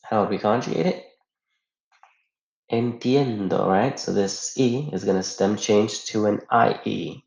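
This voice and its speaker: A man's voice: on the low side, a little slow, gravelly, a little mellow. A man teaching a Spanish grammar lesson, explaining patiently step by step and asking rhetorical questions. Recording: echoey room, dull lo-fi sound.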